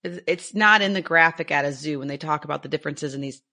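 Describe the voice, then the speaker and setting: A woman co-hosts a relaxed podcast about animals and conservation. Her voice is lowish for a woman but bright and ringing, and she talks with eager enthusiasm, laughing easily between points. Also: fast talker. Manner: chatty and enthusiastic, laughs often. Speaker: podcast co-host. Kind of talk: casual podcast chat.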